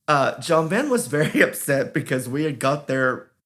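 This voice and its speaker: A man's voice: on the high side, moderate pace. A man co-hosting a podcast, telling stories casually and acting out the voices of the people in them. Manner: animated, acts out quoted voices, laughs while telling. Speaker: podcast co-host. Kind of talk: casual storytelling.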